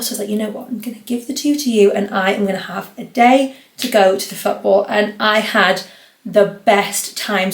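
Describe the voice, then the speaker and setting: Young girl podcasting, rambly and chatty, says like a lot, bit of room echo. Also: medium pitch. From North East England. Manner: rambling, chatty, lots of "like" fillers. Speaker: podcast host. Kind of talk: casual solo podcast chat. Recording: roomy echo.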